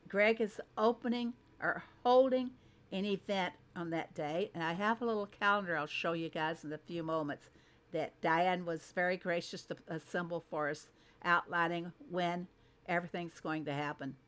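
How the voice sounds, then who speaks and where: A woman's voice: lowish voice, moderate pace, fairly bright tone. A woman with a Southern American twang hosts a casual reaction commentary, chatting along and laughing at her own asides. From Southern United States. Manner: chatty, laughs often, self-deprecating asides. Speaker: host.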